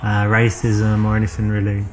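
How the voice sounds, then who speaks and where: A man's voice: lowish voice, completely flat delivery, normal speed, faint music behind, close to an everyday voice. A man with a London British accent playing a confident dating coach who chats up a date in a video game. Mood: relaxed charm. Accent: British English, London. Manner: confident, chatty and smooth. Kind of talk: scripted game dialogue and coaching voice-over.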